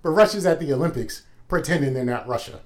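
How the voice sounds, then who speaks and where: Animated slangy man chatting. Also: medium pitch, quick pace. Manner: animated storyteller, profane slang. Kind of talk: casual chat.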